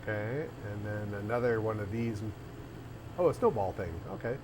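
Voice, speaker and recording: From the interior of his arcade café, a man who owns the arcade chats casually on a livestream at normal speed. His expressive voice sits on the low side, and he rambles with restarts while thinking aloud, against background noise.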